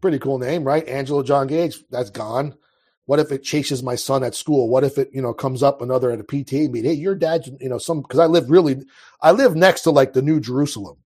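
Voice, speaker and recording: A man's voice: mid-range voice, fairly quick, a little mellow, slightly rough. A man in his thirties telling his life story as an interview guest, in a casual, rambling way full of restarts. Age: 30s. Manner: rambling, restarts, frequent fillers.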